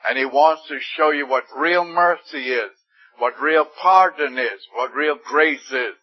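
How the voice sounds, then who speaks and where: A man's voice: on the high side, measured pace. A man preaching a sermon with fervent emphasis, his voice rising suddenly on key words. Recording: dull lo-fi recording.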